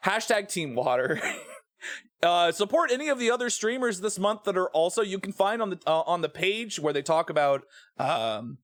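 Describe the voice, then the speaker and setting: A man's voice: high voice, very animated, normal speed, fairly bright tone, no room sound. Chatty male streamer, dry close mic. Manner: chatty, filler-heavy, greets chat by name. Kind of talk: casual gameplay stream chat.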